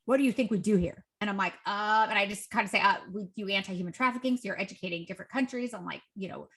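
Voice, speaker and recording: A woman in her forties, a podcast guest telling stories casually and acting out the dialogue of the people in them. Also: fast talker. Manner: lively, acts out quoted dialogue with raised pitch. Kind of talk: casual interview storytelling.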